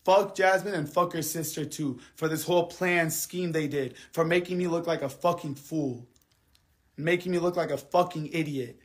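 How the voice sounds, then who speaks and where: A man's voice: a little high, normal speed. Angry man ranting on a livestream. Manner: angry, heavily profane venting; repetitive, drops quiet then heats up. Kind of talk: live stream rant to viewers.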